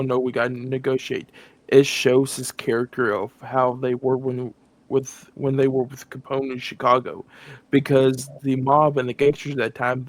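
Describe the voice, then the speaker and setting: A man's voice: mid-range voice, no room sound. A man co-hosting a podcast, casually reviewing a film and acting out its scenes with laughter. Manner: animated retelling, acts out scenes with laughs. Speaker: podcast co-host. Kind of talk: casual movie review chat.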